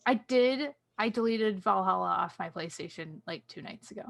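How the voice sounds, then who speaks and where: A woman's voice: medium pitch, expressive, moderate pace, creaky. Woman, podcast co-host, chatty, laughs easily, casual chat.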